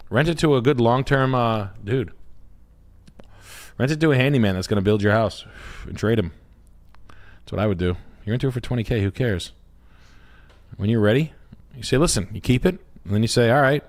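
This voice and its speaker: A man's voice: mid-range voice, normal speed, pauses often, a little mellow. A man co-hosting a podcast, bantering casually in a rambling, joking way. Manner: joking, rambling, laughs often. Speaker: podcast co-host.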